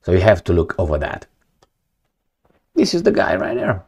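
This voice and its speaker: A man's voice: low voice, huge pitch swings, moderate pace, creaky, a little mellow, slightly rough. A man giving blunt, opinionated, sometimes profane commentary on news articles, rambling with many fillers and restarts. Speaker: political commentator.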